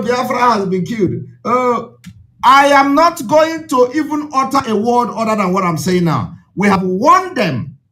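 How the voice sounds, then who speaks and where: A Nigerian man who speaks Igbo gives a fervent address to his followers in a high, somewhat bright voice. His pitch rises and falls dramatically, and he hammers his points home through repetition. The whole delivery is forceful and preacherly.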